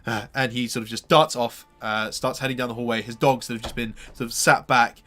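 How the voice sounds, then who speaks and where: A man narrating a tabletop game as game master, halting and full of fillers. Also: medium pitch, fairly even intonation, bright, forceful tone. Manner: hesitant, many fillers and restarts.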